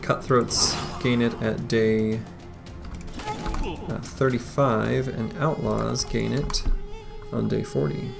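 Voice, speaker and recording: A man's voice: mid-range voice, very animated, slow, gravelly. A man streaming a strategy game, chatting casually and greeting viewers as he plays. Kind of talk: casual live-stream chat. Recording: faint music behind.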